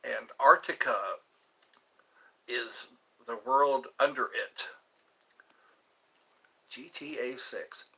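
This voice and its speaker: A man's voice: mid-range voice, steady tone, drawn-out words, gravelly, pauses often, bright, forceful tone, slightly rough. A man hosting a rambling live stream from his phone, cracking jokes and answering viewers' questions. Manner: jokey, reads viewer questions aloud and answers them. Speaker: livestream host.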